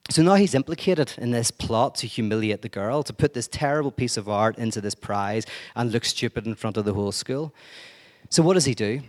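A man's voice: mid-range voice, expressive, fairly quick, a little mellow. Brief: male lecturer, mid-range voice, chatty and playful, slips into quoted voices. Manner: conversational, joking, acts out quoted speech. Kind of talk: informal lecture.

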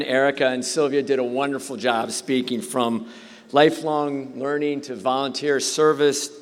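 A man's voice: medium pitch, clean tone. A middle-aged man giving a commencement speech, telling joking stories at his own expense. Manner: joking storyteller, self-deprecating. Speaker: commencement speaker. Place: large hall at a graduation. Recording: long reverb of a large hall.

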